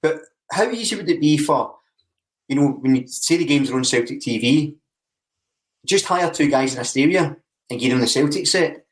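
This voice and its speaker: A man's voice: fairly high pitch, lively intonation, normal speed. A man, co-hosting a football podcast, rambling animatedly through ideas. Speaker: podcast co-host. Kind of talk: casual chat. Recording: roomy echo.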